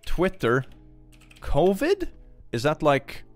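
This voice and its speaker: Reading donation messages on his live stream, the Swedish streamer stays playful, animated, and full of jokes. He speaks slowly in a voice on the high side. Soft music plays in the background.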